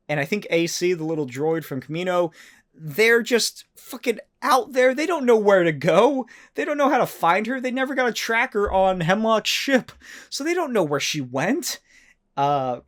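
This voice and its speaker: Excitable swearing man on a podcast. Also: fairly high pitch. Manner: excitable, swears a lot, animated rants. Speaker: podcast host. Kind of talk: casual solo podcast talk.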